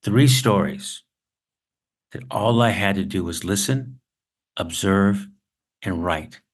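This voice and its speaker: A man giving a masterclass on writing, telling anecdotes with dramatic pauses. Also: deep voice, lively intonation. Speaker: writing instructor. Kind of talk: masterclass storytelling lesson.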